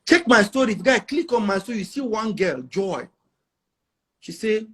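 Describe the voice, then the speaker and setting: A middle-aged Nigerian man with a Nigerian accent speaks at normal speed in a high, animated voice that's pushed, bright, and slightly rough. As a guest in a casual interview chat, he's boastful and emphatic, mixing in pidgin.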